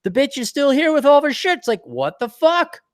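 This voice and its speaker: A man's voice: extremely high pitch, brisk, dry recording. Profane ranting man, dry sound. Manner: profane, ranting, animated storytelling. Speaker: podcast host. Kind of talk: casual chat.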